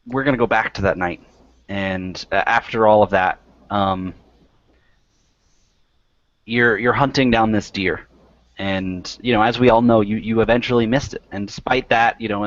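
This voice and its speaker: A man's voice: lowish voice, dry recording. A man running a tabletop game as game master, rambling and interrupting himself as he sets up the next scene. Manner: rambling, self-interrupting, friendly asides. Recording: dry, muffled lo-fi recording.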